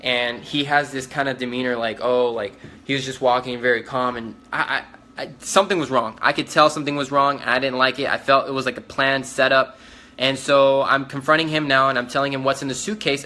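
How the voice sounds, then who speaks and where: In a brisk, sharp, mid-range voice with fairly even intonation and a little hiss or hum, a man describes an event he saw firsthand. He pushes the story urgently, restarts his lines, and acts out what the people he met said.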